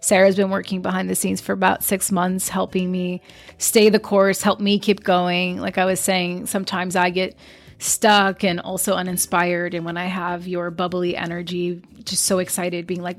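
A woman's voice: fairly low pitch, completely flat delivery, moderate pace. A woman hosting her podcast, talking in a chatty, effusive way with lots of filler words. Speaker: podcast host. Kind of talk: casual podcast chat.

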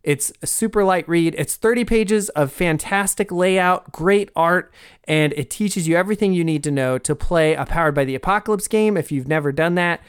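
A man's voice: fairly high pitch, moderate pace, clear, resonant tone. A man hosting a podcast, making casual announcements in a friendly, rambling way with many fillers. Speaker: podcast host.

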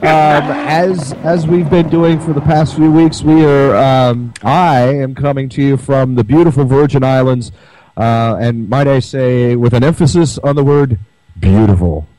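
A man's voice: medium pitch, steady tone, unhurried, mellow, poor audio. A man hosting a talk radio show, chatting casually and rambling with many fillers and restarts. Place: remote broadcast from home.

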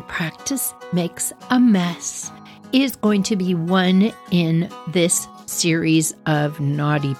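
Lady telling kids a funny story about when she was little, giggly and chatty, soft music behind. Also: fairly low pitch, vocal fry. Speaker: podcast storyteller. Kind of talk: storytelling to children.

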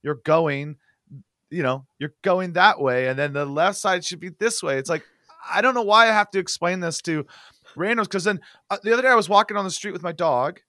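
Bright-voiced ranting man. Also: high voice, a little fast, dry recording, studio quality. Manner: ranting, swears freely. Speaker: podcast co-host. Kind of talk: casual chat.

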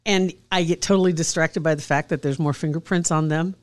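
A woman's voice: deep voice, steady tone, brisk. A woman co-hosting a casual podcast, telling a story in a chatty, amused way. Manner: chatty, amused, laughs often. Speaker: podcast co-host.

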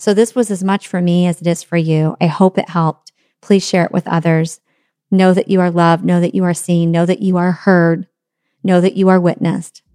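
Low-voiced woman giving a spiritual pep talk. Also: flat delivery, moderate pace, warm tone, clean tone, dry recording, clean studio sound. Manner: earnest, repetitive, rhetorical questions. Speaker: motivational speaker. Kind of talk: spiritual self-help talk.

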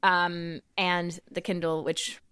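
A woman's voice: on the low side, level tone, slow pace, fairly bright tone, smooth. A woman co-hosting a podcast, chatting casually and teasing with frequent laughs. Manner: giggly, teasing. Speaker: podcast co-host. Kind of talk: casual chat.

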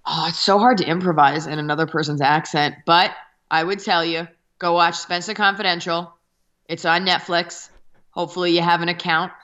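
A woman's voice: fairly low pitch, steady tone, moderate pace, a bit bright, dull audio. A woman comedian being interviewed remotely, chatting in a wry, self-deprecating way with hesitant starts. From Texas. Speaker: comedian guest. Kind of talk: casual interview over a remote call.

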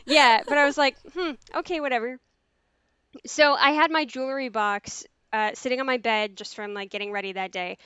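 A woman telling a story in casual podcast talk, animated, swearing freely and using lots of fillers. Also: fairly high pitch, normal speed, clean tone, no echo. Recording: dull, dry sound.

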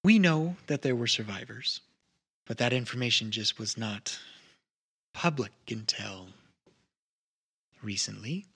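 A man voicing a composed female wood elf who speaks for her council in measured, formal sentences. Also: medium pitch, expressive, creaky, fairly bright tone, slightly rough, exaggerated voice. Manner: measured, formal diplomatic speech.

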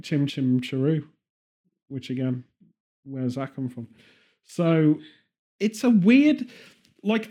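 A man's voice: a little high, warm tone. A man from Birmingham with a Birmingham accent, chatting casually and rambling, laughing often. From Birmingham, England. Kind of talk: casual chat.

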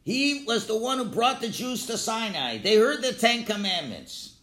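A man giving a Torah class lecture, animated, calling out his examples loudly. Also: sits high, normal speed. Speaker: Torah teacher. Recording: echoey room.

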